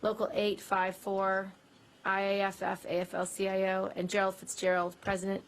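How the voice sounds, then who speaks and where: A woman's voice: mid-range voice, monotone, normal speed, a little hiss or hum, low-quality recording. A woman acting as emcee, introducing speakers by reading out their titles in a list-like way. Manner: list-like announcing.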